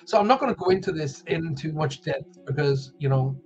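A man's voice: a little high, lively intonation, brisk, a little mellow, dull audio. An Irish man hosting a live wellbeing show, talking casually and joking as he reads out viewer comments. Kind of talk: casual live-stream talk.

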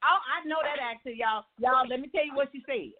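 A high-voiced woman hosting a lively call-in chat, talking fast and animated. Her voice comes through a thin, tinny phone line. A steady hiss of noise sits behind it. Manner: animated, chatty, Southern Black vernacular turns of phrase. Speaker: host. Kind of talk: casual call-in show chat.

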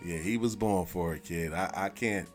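A man's voice: deep voice, normal speed, faint music behind. A man in a casual sports debate, arguing his point emphatically and repeating himself. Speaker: sports talk co-host.

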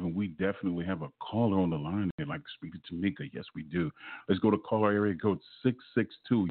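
A man's voice: deep voice, breathy edge. A man hosting a radio call-in show, effusive and affectionate, laughing a lot as he talks with his guest. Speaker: radio host. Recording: tinny phone-quality line with faint noise.

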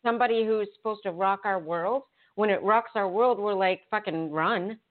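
A woman's voice: medium pitch, a little fast. A woman psychic medium on a call-in radio show, casual and profane, reassuring a caller. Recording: narrow phone-line sound.

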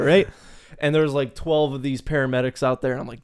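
A man's voice: mid-range voice, steady tone, a little fast, clean tone. Laughing, foul-mouthed man spinning stories. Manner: loose, profane storytelling with laughs. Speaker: podcast co-host. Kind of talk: casual podcast chat.

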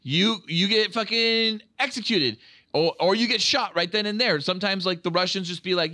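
A man co-hosting a podcast, chatting excitedly about a film with lots of swearing and acted-out quotes. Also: high voice, a little fast, dry recording, clean studio sound. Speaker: podcast co-host. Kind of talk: casual film review chat.

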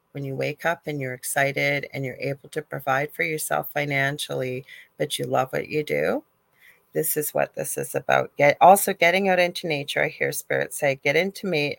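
A woman's voice: low voice, gravelly, dry recording, low-quality recording. A Canadian woman hosting a talk show and giving casual psychic readings, chatty and encouraging, with self-deprecating asides. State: briefly coughing. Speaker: psychic radio host.

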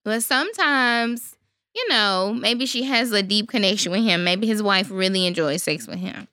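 Bright, lively woman, teasing podcast chat. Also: mid-range voice, moderate pace, dry recording, studio quality. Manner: laughing, teasing, profane. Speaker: podcast co-host. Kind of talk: casual chat.

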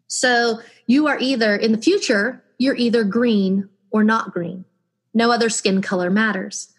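Husky-voiced woman author. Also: on the high side. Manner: thoughtful, with restarts when explaining. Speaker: author reading her novel. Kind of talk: podcast interview and book reading.

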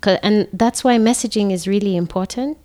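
A woman sex therapist explaining things in a measured way on a podcast, with frequent "you know" fillers. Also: mid-range voice, mellow. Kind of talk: podcast conversation.

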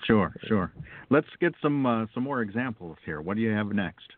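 A man's voice: on the low side, lively intonation, normal speed, dry recording. A man hosts a radio interview, asking questions and dropping in short, upbeat affirmations. The audio is narrow and lo-fi, with a completely dry sound. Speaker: radio host.

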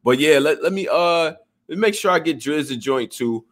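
A man's voice: on the high side, expressive, moderate pace. A middle-aged man hosting a casual streamed chat, talking in loose slangy banter. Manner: loose slangy banter, frequent "you know what I mean". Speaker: stream host.

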